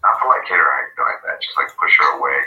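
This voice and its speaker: A man, a radio guest, retelling a story in a rambling, animated way, full of fillers. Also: rumbling low, very fast, reverberant, far from the mic, muffled recording. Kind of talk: casual storytelling on a call-in radio show.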